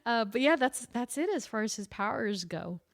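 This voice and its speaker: A woman co-hosting a podcast, telling stories animatedly with quick laughs. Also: a little high, animated, creaky, dry recording, clean studio sound. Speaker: podcast co-host. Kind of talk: casual chat.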